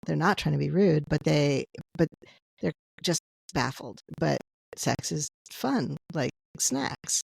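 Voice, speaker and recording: A woman's voice: deep voice, takes it slowly, gravelly, slightly rough, no echo. A woman author, a guest on a podcast, explaining her ideas at length in casual conversation. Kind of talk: casual interview chat.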